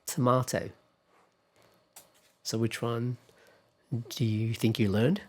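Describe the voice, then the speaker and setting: A man lecturing a class on pronunciation in an unhurried, measured way, with a voice of middling pitch. He explains patiently, one point at a time, and keeps turning questions back to the listeners. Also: fairly even intonation, dark tone.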